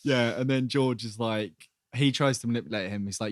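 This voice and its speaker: A man's voice: medium pitch, a little fast, hardly any pauses, no room sound, studio quality. A man co-hosting a podcast, recapping a TV episode in rambling casual chat and acting out the characters' lines. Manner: rambling, acts out quotes with laughs. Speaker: podcast co-host.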